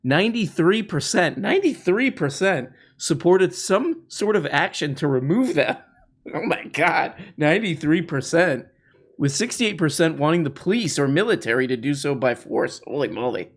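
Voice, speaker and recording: A man's voice: fairly high pitch, lively intonation, moderate pace. A man hosting casual political commentary, talking in a sardonic, mocking way with frequent restarts. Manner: sardonic, mocking, with many restarts and put-on quote voices.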